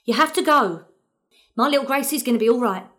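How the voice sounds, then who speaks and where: Actress as an earnest Cockney mum in a radio play, somewhat high-voiced, rambling and apologetic. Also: female voice, lively intonation, brisk, fairly bright tone. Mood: apologetic pleading. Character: working-class London mother, fond, grieving, earnest. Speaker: actor in an audio drama.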